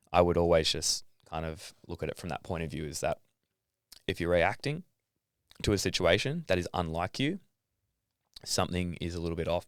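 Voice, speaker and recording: Australian man, young adult, low smooth voice, laid-back interview guest. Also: no echo, clean studio sound. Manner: relaxed, swears casually, acts out his own inner thoughts. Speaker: podcast guest, athlete. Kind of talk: casual interview talk.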